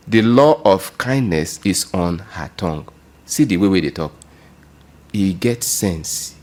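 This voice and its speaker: A man's voice: lowish voice, a little mellow. A man with a Nigerian Pidgin accent teaching a Bible lesson, explaining and asking rhetorical questions.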